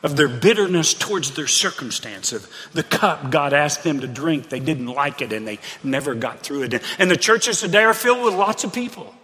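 A man's voice: a little high, sharp tone. Earnest man preaching in a reverberant sanctuary. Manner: earnest, conversational preaching with repeated phrases. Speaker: pastor. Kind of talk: sermon. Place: church sanctuary.

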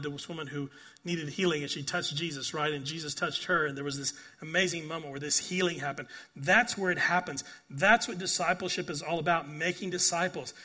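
Delivering a sermon in a fairly high voice, an older pastor earnestly tells stories and repeats phrases. He keeps asking "right?", building to emphatic bursts and then falling back to a soft, quiet tone.

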